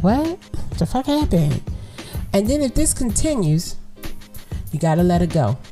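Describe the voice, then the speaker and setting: A woman hosting a casual solo podcast, telling a story bluntly and with plenty of cursing, speaking straight to her listeners. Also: mid-range voice. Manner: blunt, profane, animated storytelling; talks straight to listeners as y'all. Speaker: podcast host.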